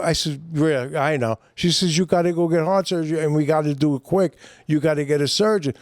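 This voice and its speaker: A middle-aged man with a New York accent tells stories as a podcast guest. He talks in a rambling, animated way, full of fillers, and his voice sits a little high for a man. The sound is dry and close. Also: brisk, hardly any pauses, dry recording. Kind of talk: casual storytelling.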